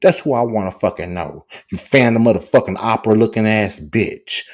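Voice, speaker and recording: A man's voice: fairly low pitch, fairly quick. A man delivering a furious, profane, taunting livestream rant.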